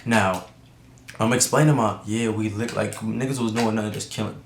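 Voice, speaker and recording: A young man from Atlanta tells a story from his own life in a loose, slangy ramble, circling back and restarting his sentences. His voice sits low and gravelly. The room gives a noticeable echo. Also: steady tone, moderate pace. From Atlanta, USA. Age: young adult. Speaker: YouTuber. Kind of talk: casual storytime monologue. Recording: roomy echo, faint background noise.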